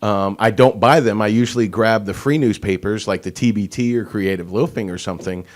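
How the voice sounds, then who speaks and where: A man co-hosting a talk show, chatting in a relaxed, joking way. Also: lowish voice, fairly quick. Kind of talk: casual talk radio chat.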